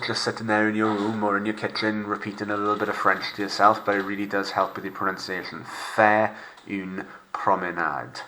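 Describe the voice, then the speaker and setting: Bright-voiced male language teacher. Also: on the low side, a little hiss or hum, low-quality recording. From Wales. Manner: models phrases slowly and clearly for repetition. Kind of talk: recorded remote lesson.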